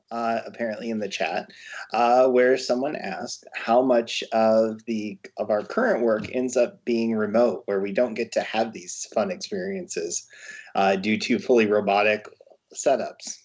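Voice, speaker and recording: A man, an astronomer, interviewing a guest online, speaking haltingly with fillers and soft laughs. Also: lowish voice, steady tone, rough recording.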